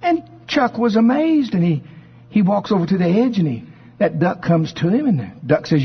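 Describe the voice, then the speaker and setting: Folksy preacher man with a husky voice. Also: high-pitched, normal speed. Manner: folksy, animated storyteller. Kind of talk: sermon with a folksy storytelling tone. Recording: dull sound with long hall reverb.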